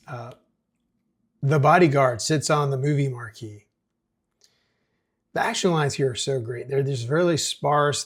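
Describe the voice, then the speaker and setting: A man hosts a screenplay breakdown show and talks in a casual, relaxed way between passages of the script. His voice sits at mid pitch and has a husky, slightly rough texture. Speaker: screenwriting podcast host.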